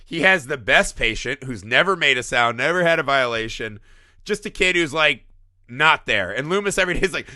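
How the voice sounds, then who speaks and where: A man's voice: medium pitch, a little fast, dry recording, studio quality. A man co-hosting a film podcast, talking casually and profanely and acting out characters. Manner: profane, animated, acts out impressions. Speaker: podcast co-host.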